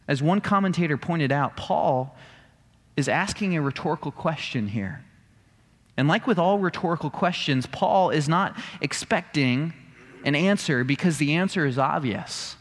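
Male pastor, slightly high, very animated pitch, sermon in a reverberant church. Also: a little slow. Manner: emphatic, rhetorical questions.

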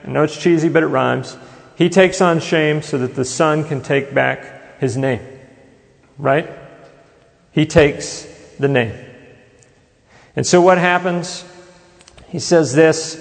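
A man's voice: fairly high pitch, normal speed, creaky. A male pastor preaching a sermon in a conversational way, often putting rhetorical questions to his congregation. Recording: long reverb in a large hall.

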